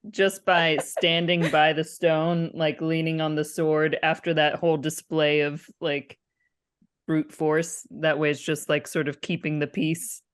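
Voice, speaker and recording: A woman's voice: low-pitched, level tone, unhurried, clear, resonant tone. A woman playing a tabletop role-playing game, suggesting her character's action. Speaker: player.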